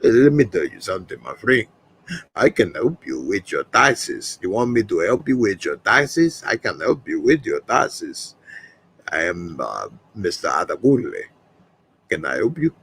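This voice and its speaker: A man's voice: deep voice, sing-song, a little slow, gravelly, a bit bright, a little hiss or hum, pitched below the performer's own voice, heavily acted. A man putting on the voice of a pushy, salesy male tax helper who keeps offering his services.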